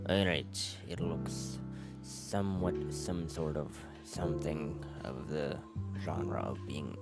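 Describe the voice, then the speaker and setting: A man's voice: rumbling low, slow pace, gravelly, loud music behind the voice. A man streaming, rambling and mocking himself in casual chat before reading scripture aloud. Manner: rambling, self-mocking, trails off into murmurs.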